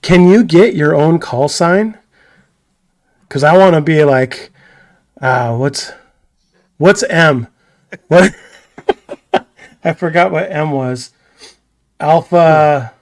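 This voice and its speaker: A man co-hosting a live stream, chatting casually and excitedly, rambling and laughing often. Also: a little high, very slow, pauses often, dry recording. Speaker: co-host of a live stream show. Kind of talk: casual banter.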